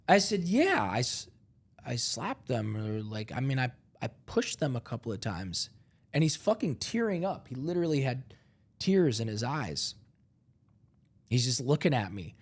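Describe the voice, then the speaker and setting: A man's voice: mid-range voice, sing-song, normal speed, pauses often. A middle-aged man from Ohio, a guest telling a raw personal story with animation, acting out both sides of past conversations and stammering when emotional. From Ohio, USA. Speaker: guest, entrepreneur.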